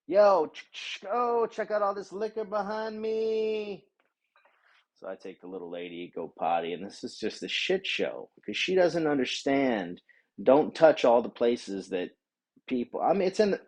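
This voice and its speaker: A man telling a profane, animated rant about a bad day out, acting out the other people in the story. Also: mid-range voice, poor audio. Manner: animated, swears a lot, acts out voices of others. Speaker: vlogger.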